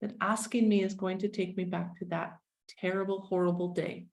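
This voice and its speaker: Gravelly low-voiced woman, frank and wry. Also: flat delivery, moderate pace, a little mellow. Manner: frank, wry, self-deprecating. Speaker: guest. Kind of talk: candid conversational storytelling.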